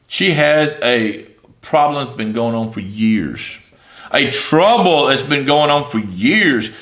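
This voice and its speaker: A man preaching a sermon in a conversational, animated way, with many fillers, reading scripture aloud and paraphrasing it. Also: medium pitch.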